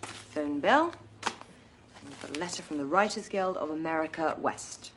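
An actress playing a cheerful woman helping an old neighbor, bright and encouraging. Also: low-pitched, expressive, moderate pace, background noise.

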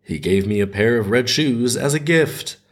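A man's voice: mid-range voice, lively intonation, normal speed, pitched above the performer's own voice, close to an everyday voice. A man voicing a young girl who speaks eagerly and cheerfully. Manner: brightened, eager. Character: weeping girl turned cheerful.

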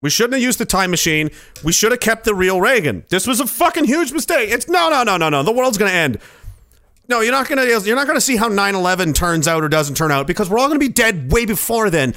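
A man voicing a panicked male White House aide, talking fast and swearing in alarm. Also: big pitch swings, pushed and bright, full character voice. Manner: frantic, high-strung and profane.

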